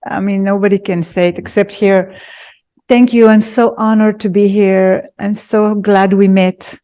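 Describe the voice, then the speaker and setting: Mellow-voiced woman guest. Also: medium pitch, steady tone, measured pace, clear, resonant tone. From Israel. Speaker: guest artist. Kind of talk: interview answers.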